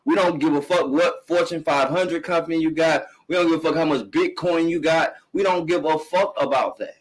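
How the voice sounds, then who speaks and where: A man's voice: fairly high pitch, steady tone, brisk, low-quality recording. A middle-aged man hosting a live-streamed podcast, ranting bluntly and emphatically, swearing often and repeating himself. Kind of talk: casual profane commentary rant.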